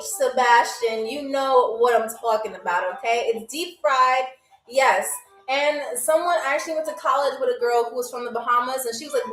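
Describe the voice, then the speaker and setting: A woman's voice: sits high, measured pace, a bit bright, roomy sound, far from the mic, faint music behind, rough recording. A woman hosting a live-stream game show, playful and chatty, talking straight to her viewers.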